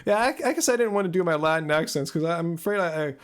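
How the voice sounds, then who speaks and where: This host from Southern California runs a live Q&A stream on his own microphone, talking very fast in a fairly high, expressive voice. He chats casually with viewers, laughing frequently and repeating words as he restarts sentences.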